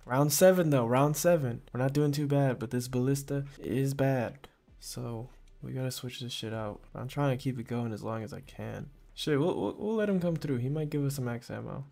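A man giving rambling, profane gameplay commentary, full of slang and sudden excited outbursts. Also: medium pitch, moderate pace, creaky. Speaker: gaming YouTuber.

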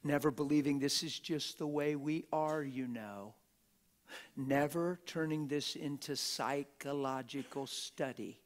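Fiery preacher, whispers to shouts. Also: male voice, a little high, unhurried. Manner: dramatic swings from whispers to shouts; plain-spoken, street-style talk. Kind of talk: sermon. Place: church auditorium.

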